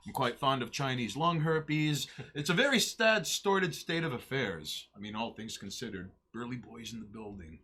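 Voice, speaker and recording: A man's voice: mid-range voice, lively intonation, moderate pace, hardly any pauses, sharp tone, husky. A man co-hosting a casual arts and crafts livestream, joking and rambling crudely while he paints and talks to chat. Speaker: livestream co-host.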